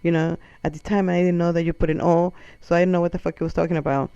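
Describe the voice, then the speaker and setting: Fast and clear, with a slightly high, resonant voice, this comedian, not a native English speaker, spins profane, animated comic stories, imitating the people he describes. There's no echo, but the highs are cut off.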